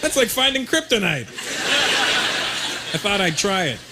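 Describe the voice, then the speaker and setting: Male stand-up comic, high-ish voice, animated storyteller; live set with heavy crowd noise. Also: measured pace. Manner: animated storytelling with sudden loud jumps. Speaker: stand-up comedian. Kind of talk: stand-up comedy routine. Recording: live show with loud audience noise.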